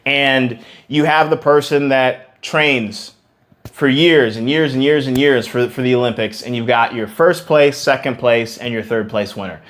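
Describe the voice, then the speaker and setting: Emphatic male vocal coach. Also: medium pitch. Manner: emphatic, repeats words for stress; breaks into sung demonstrations. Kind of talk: singing lesson to camera.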